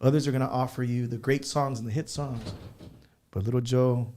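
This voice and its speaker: Musician guest, man, mid-pitched voice, chatty storyteller who code-switches. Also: brisk, slight background noise. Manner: animated anecdotes with slips into Spanish phrases. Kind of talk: casual interview storytelling.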